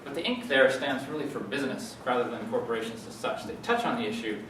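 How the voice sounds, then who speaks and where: Male guest lecturer, halting academic delivery, distant mic in a reverberant hall with noise. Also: mid-range voice, animated, a bit bright. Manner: halting, many fillers and restarts.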